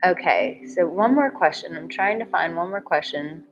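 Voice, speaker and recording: Brief: woman dating coach, live Q&A, warm pep-talk delivery, slightly dull home audio with faint background hum. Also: fairly low pitch, animated, moderate pace. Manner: upbeat, encouraging, talks straight to viewers. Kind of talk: live-stream Q&A reading chat comments.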